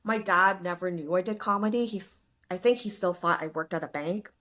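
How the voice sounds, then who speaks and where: A woman's voice: lowish voice, a little fast. A woman in her late forties, a comedian guest telling stories in a casual interview and acting out the people in them. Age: 40s. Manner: lively storyteller, acts out voices.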